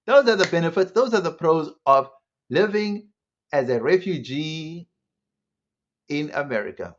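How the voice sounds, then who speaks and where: A man's voice: on the high side, lively intonation, measured pace, dull audio. A man giving a sarcastic opinion commentary monologue, full of rhetorical questions. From South Africa. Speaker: online commentator.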